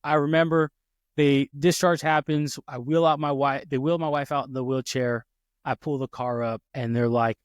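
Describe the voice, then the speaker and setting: This man's fairly high, clear, resonant voice moves at a normal pace, recorded at studio quality with no room sound. As a podcast host speaking from his home office, he rambles animatedly through a family story, packed with fillers and restarts.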